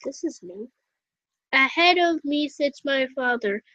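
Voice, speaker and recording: High-voiced, slow, chatty woman gamer. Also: expressive, bright, forceful tone. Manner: self-mocking, chatty. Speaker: let's player. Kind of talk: reading a visual novel aloud with asides. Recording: dull, lo-fi, dry.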